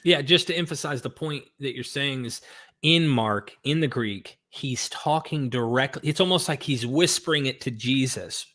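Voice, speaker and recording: A man's voice: mid-range voice, normal speed, pushed and bright. A man hosting a podcast interview who talks in a casual way, with loose fillers and restarts. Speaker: podcast host.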